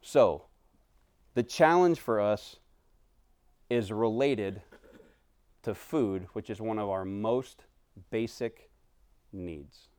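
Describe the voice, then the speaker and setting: A pastor, a man in his thirties, preaching a conversational sermon that swings from animated stretches to hushed, quiet passages. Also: on the low side, slow, pauses often, smooth, dry recording.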